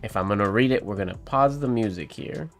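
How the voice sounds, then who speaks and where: Faint music accompanies this calligraphy stream, where a man with a fairly low voice talks a little fast, relaxed and thinking aloud as he writes. He then reads a holiday poem aloud.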